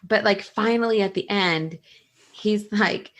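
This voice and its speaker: A woman's voice: mid-range voice, measured pace, a bit bright. A young woman hosting a casual book chat, gushing and laughing often as she reads favorite passages aloud. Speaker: book podcast host.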